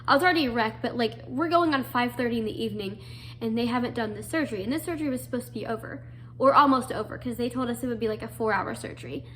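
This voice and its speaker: A woman's voice: a little high, fast, a bit bright, a little hiss or hum. A young adult woman earnestly telling a personal story, full of fillers and restarts. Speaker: guest telling her story.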